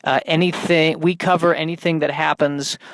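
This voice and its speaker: A man's voice: a little high, level tone, normal speed, fairly bright tone, dry recording, clean studio sound. A man voicing a cheerfully unhelpful doctor who talks in a breezy, matter-of-fact way.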